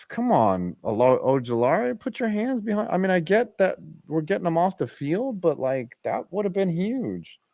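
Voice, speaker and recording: A man's voice: sits high, very animated, normal speed, darkish tone, dry recording, studio quality. A man hosting a casual live sports call, giving play-by-play in a joking, profane way. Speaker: host and play-by-play caller.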